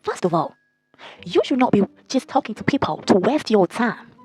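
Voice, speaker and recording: Blunt, husky-voiced young woman vlogger. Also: fairly high pitch, a little fast, soft background music. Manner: blunt, profane, animated gossip to viewers. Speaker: storytime vlogger. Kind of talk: casual storytime chat.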